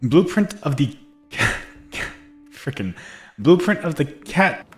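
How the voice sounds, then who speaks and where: A man's voice: on the high side, very animated, slow, a bit bright. A man giving casual, chatty commentary while playing a game, reading in-game notes aloud and often laughing. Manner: chatty, reads in-game texts aloud, frequent laughs and restarts. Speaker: gameplay streamer.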